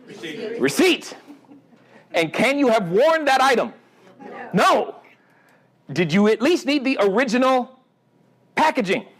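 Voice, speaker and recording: Male seminar host, high and very lively pitch, playful storyteller quizzing a live crowd. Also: unhurried, pauses often. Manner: animated storyteller, quizzes the audience, acts out dialogue. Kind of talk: live seminar talk with audience interaction. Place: event room with a live audience.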